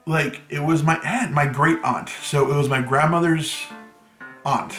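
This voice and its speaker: A man's voice: a little high, fairly even intonation, a little slow, a bit bright. A man with Mexican roots telling a story from his teen years in a casual storytime vlog, chatting loosely with lots of "like". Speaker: vlogger. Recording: echoey room with music behind. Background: background music.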